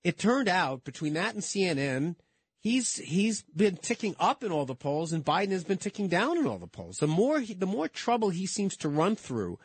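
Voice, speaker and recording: A man co-hosts a political talk show and argues in quick bursts that keep doubling back. He repeats words and restarts his sentences. The sound is dry and close, with no room around him. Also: high voice, sing-song, breathy edge, no room sound. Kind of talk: casual political debate chat.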